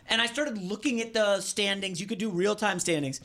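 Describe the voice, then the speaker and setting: A man hosting a sports betting podcast, telling stories in an excitable, animated way. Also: high voice, a little fast, few pauses. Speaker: podcast host.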